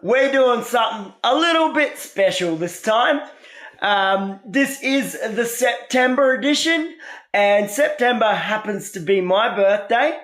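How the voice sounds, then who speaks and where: A man's voice: sits high, expressive, measured pace, a bit bright, echoey room. A man with an Australian accent hosting a music radio show, upbeat and chatty, calling his listeners guys.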